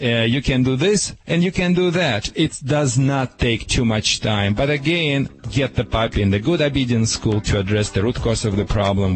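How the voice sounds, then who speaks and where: A man with a foreign accent giving dog training advice on a radio show, emphatic and demonstrative, barking out sharp commands. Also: mid-range voice, poor audio. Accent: foreign accent in English. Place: radio studio.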